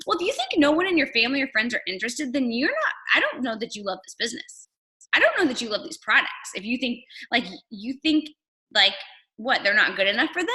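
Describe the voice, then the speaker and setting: A woman leading a motivational team call over video, energetic and rallying, firing off rhetorical questions. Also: high-pitched. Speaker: network marketing leader.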